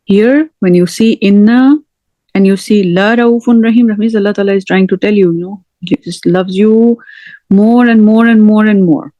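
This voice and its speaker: A middle-aged woman teaching a word-by-word scripture lesson, speaking deliberately and repeating each word as she explains it. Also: medium pitch, warm tone, no room sound. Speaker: Quran teacher.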